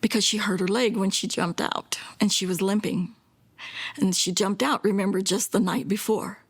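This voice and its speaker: An older woman telling her daughter's story in a documentary interview, plainspoken and earnest, slipping into hushed whispers when quoting others. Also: medium pitch, moderate pace, breathy edge. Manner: plainspoken, with self-corrections and small laughs.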